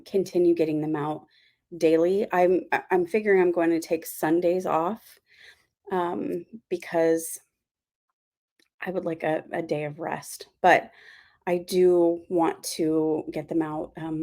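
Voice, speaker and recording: A woman's voice: fairly low pitch, flat delivery, unhurried, mellow. A woman giving a casual spiritual talk as host of her channel, rambling with many fillers and apologies.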